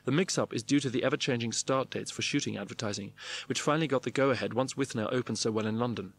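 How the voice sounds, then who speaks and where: A man's voice: medium pitch, fast talker, creaky, breathy edge. A man reading his diary-style memoir aloud in clipped, wry phrases. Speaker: narrator.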